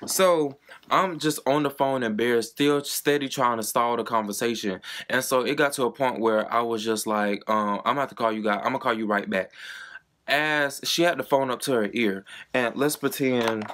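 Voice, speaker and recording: A man's voice: medium pitch, normal speed, a bit bright. A young man, telling a personal story to camera in a chatty, dramatic way with plenty of swearing. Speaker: vlogger. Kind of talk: casual storytime monologue.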